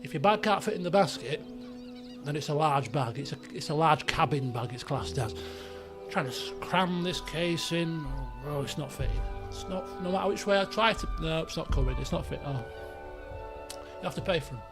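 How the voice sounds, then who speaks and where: Brief: high-pitched male game host, chatty anecdote, lots of false starts, soft music bed. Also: normal speed. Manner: animated storyteller, many restarts and asides. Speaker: let's play host. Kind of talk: rambling personal anecdote.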